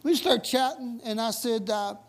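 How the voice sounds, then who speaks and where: A man's voice: very high-pitched, normal speed. A man preaching a sermon in a conversational, folksy way, telling stories with emphatic asides. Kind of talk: storytelling sermon.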